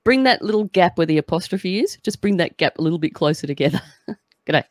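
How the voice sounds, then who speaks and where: An Australian woman co-hosting a casual podcast, relaxed and laughing easily. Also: on the low side, fast talker, dry recording, clean studio sound. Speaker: co-host.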